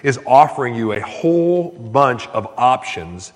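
Male pastor, mid-pitched voice, preaching with earnest build-ups, long hall reverb. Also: lively intonation, measured pace. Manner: earnest, surges louder and higher on key points. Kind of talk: sermon.

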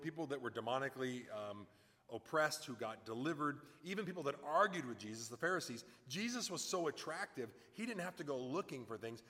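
A man's voice: medium pitch, fairly bright tone, long reverb tail. A man preaching a sermon in a conversational way, often acting out the voices of people in his stories. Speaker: pastor.

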